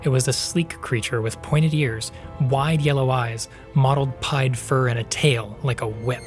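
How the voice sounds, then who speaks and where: A man narrating a fantasy story as the podcast's host, in even, measured storytelling. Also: mid-range voice, soft background music. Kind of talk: scripted audiobook narration.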